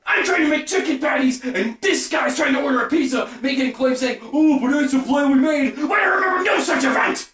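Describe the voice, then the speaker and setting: A woman's voice: high-pitched, fairly quick, few pauses, echoey room, distant mic. A woman doing shrieking cartoon roommates. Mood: yelling. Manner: yelling nonstop, frantic and argumentative. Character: screaming young roommates in a petty feud. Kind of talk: cartoon voice acting.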